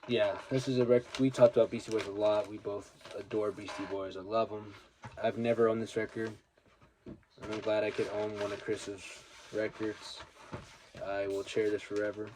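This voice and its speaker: A man's voice: fairly low pitch, level tone, moderate pace, background noise. A young man casually chatting about his vinyl records, telling rambling stories and swearing freely, while grieving a late friend. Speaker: record collector vlogger. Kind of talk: casual vinyl haul chat.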